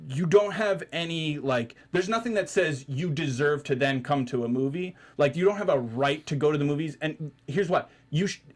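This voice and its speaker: A man's voice: fairly high pitch, moderate pace, hardly any pauses. A man hosting a podcast in a studio, ranting in casual chat, swearing and restarting his sentences. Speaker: podcast host.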